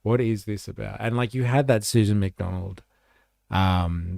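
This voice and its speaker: A man's voice: on the low side, measured pace, vocal fry, darkish tone, no room sound, studio quality. A man hosting a casual livestream, chatting back to comments and saying "like" a lot. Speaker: livestream host.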